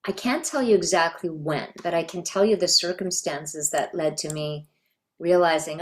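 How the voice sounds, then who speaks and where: A woman's voice: fairly low pitch, normal speed. A middle-aged woman from Canada, a voice actress, thoughtfully telling stories in an interview. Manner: reflective, thoughtful storytelling. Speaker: voice actress guest. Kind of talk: reminiscing interview.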